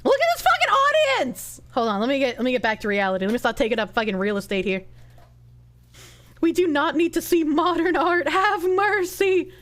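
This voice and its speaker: A woman with a New Jersey accent streams live and talks back to her chat, crude and quick to laugh. Her voice sits high and leaps wildly between squeals and mutters. She swears freely and shrieks with laughter. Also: expressive.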